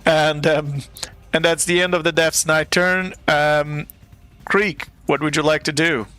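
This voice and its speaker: A man's voice: fairly high pitch, steady tone, unhurried, bright, forceful tone, clear, resonant tone. A man running a live-play tabletop game as game master, narrating scenes in a playful, theatrical way.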